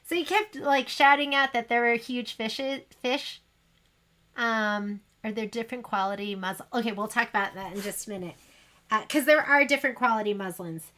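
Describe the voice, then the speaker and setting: Demonstrating on a sewing shop livestream, the host rambles in a chatty, self-deprecating way. She speaks at a moderate pace in a higher-pitched voice that sounds pushed and bright.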